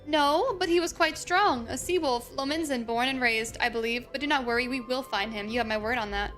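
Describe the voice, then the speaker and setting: A woman's voice: sits high, brisk, fairly bright tone, faint music behind. A woman reading aloud as a male military commander in a game, with formal old-fashioned wording and hesitant, evasive replies.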